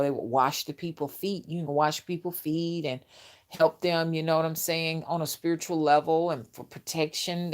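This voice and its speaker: Blunt woman, crude and laughing. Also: fairly low pitch. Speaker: spiritual reader. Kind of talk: casual monologue.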